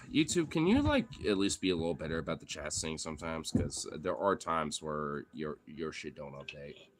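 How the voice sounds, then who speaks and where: A man streaming live while playing with his pets, excitable, coaxing and teasing them and swearing a lot. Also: extremely low pitch, normal speed, slight background noise. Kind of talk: casual live-stream chat.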